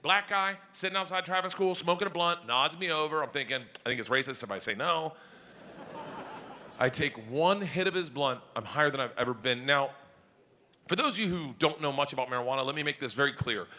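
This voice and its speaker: A middle-aged man telling a stand-up comedy story in a loud, animated, brash way. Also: fairly high pitch, fast.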